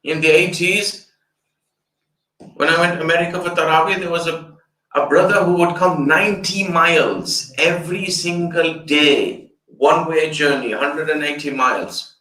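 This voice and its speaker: A man's voice: fairly high pitch, moderate pace, bright, forceful tone. An older man, an Islamic scholar, giving an explanatory fundraiser lecture. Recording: echoey room, distant mic.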